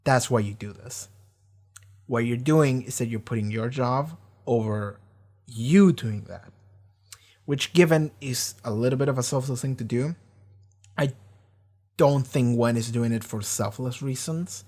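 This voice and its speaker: A man's voice: mid-range voice, unhurried, pauses often, a little mellow. A man hosting a casual TV reaction, talking in a rambling way, full of fillers and casual swearing. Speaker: show reaction host.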